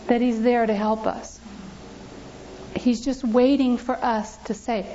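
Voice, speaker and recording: A woman's voice: a little high, fairly even intonation, takes it slowly, long pauses, mellow, a little hiss or hum. Earnest woman preaching a testimony. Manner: earnest, emphatic, repeats scripture aloud. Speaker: church speaker giving testimony. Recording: dull lo-fi recording.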